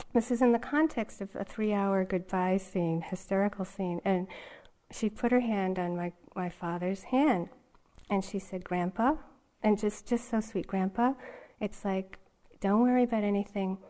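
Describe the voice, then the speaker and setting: Woman meditation teacher, casual storyteller, quick to laugh, informal talk to a retreat audience. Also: medium pitch, mellow. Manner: conversational storytelling with frequent laughter. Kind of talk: dharma talk. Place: retreat hall.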